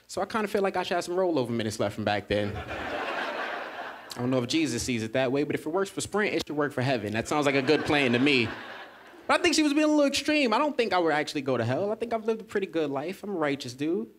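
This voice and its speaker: A man's voice: on the high side, big pitch swings, fast. Chill guy doing standup, kinda self-deprecating, noisy recording. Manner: laid-back, self-deprecating delivery. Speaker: stand-up comedian. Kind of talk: stand-up comedy set.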